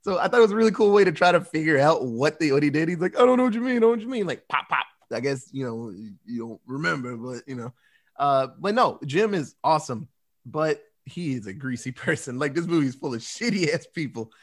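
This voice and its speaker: A man in casual movie review chat, profane and animated, acting out scenes as he talks. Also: on the high side, a little fast.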